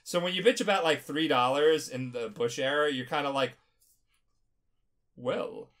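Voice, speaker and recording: A tipsy man talking casually on a podcast, rambling, profane and animated. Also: on the high side, unhurried. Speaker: podcast host.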